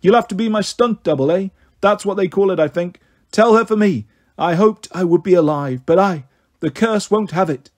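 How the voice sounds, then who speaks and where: A tender, rambling old man in his seventies, as a male narrator puts him on, speaking dreamily. His voice is slightly husky and sits a little high. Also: moderate pace. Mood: wistful. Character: gentle elderly man, great-grandfather in his seventies.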